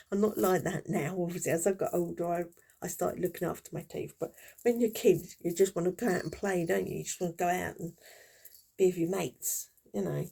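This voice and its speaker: A woman's voice: on the low side, fairly even intonation, fairly quick, creaky, warm tone, slightly rough. A woman in her fifties chatting casually and reminiscing while she crochets, in a rambling, friendly way. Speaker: crafter vlogger.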